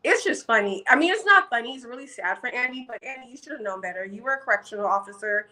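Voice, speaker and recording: A woman's voice: fairly high pitch, lively intonation, quick pace, bright, forceful tone, rough recording. A woman casually recapping a reality show for her channel, chatty and gossipy with frequent ums.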